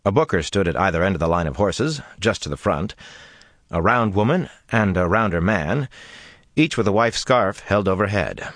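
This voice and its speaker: Deep-voiced dramatic male narrator. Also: normal speed, dry recording, studio quality. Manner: expressive, dramatic storytelling. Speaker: audiobook narrator. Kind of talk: fantasy audiobook narration.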